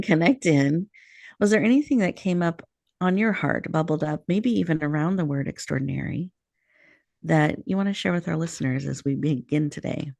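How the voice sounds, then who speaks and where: A woman hosting a talk show, leading listeners through a slow, soothing breathing meditation in an affirming way. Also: fairly low pitch, creaky, a little mellow, no echo. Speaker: host.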